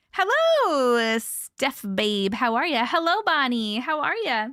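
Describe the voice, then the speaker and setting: A high-pitched woman hosts a casual livestream, her voice bright and animated as she chats with viewers. She talks at an easy, unhurried pace, laughs often and greets people by name, and the sound is dry and close. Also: no echo. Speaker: livestream host.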